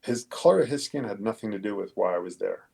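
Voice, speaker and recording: This guest is a police detective who swears freely while recounting his story in an interview, blunt and emphatic. His low, gravelly, slightly husky voice sounds warm and animated, and he moves at a quick pace.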